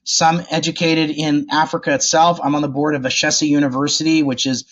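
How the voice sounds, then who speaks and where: A man speaking as a guest expert in a podcast interview, animated and informal, acting out quoted remarks. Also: a little high, a little fast. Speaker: guest, development policy expert. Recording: dull lo-fi audio.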